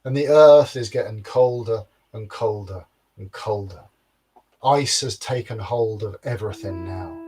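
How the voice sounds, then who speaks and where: Slow, dramatic male storyteller. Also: on the low side, a little mellow, breathy edge. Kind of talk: livestreamed folktale telling.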